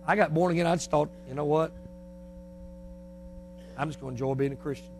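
A man preaching a sermon with a Northern US accent, folksy and emphatic, swinging between loud and soft passages. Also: fairly high pitch, steady tone, a little fast, slight background noise.

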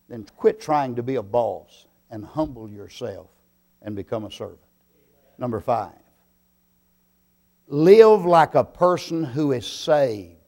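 A man preaching a sermon, slow and deliberate, swelling into loud emphatic bursts. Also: medium pitch.

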